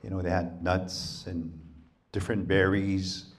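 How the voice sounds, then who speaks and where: A man from Canada telling a traditional folktale to a library audience, with a very deep and low voice. He speaks in an unhurried, halting way and fills his pauses with "you know" and "um". His telling feels plain and conversational rather than polished. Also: flat delivery. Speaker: storyteller. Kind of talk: oral folktale storytelling. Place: public library talk.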